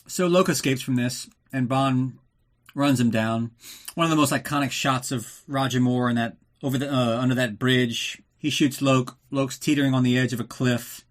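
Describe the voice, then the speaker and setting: A man's voice: medium pitch, steady tone, normal speed. A man hosting a podcast, recapping a film in a casual, sarcastic way, swearing often and acting out the characters in jokey voices. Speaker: podcast host.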